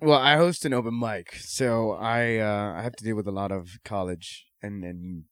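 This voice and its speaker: A man who hosts an open mic, trading quick wisecracks in casual chat. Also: lowish voice, a bit bright, smooth, no room sound, clean studio sound.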